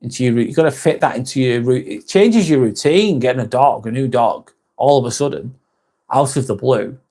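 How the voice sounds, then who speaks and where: A man's voice: mid-range voice, normal speed, warm tone. A man from northwest England, hosting a live stream in a casual chat style, reading viewer comments aloud and replying in a friendly way.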